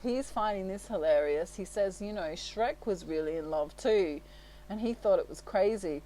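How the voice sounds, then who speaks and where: Woman, tarot reader, casual chat, reassuring, laughs a lot, mid-pitched voice. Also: normal speed, dark tone, rough recording. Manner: chatty and reassuring, laughs often; leans on tags like "right?" and "you know". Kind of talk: casual spoken tarot reading.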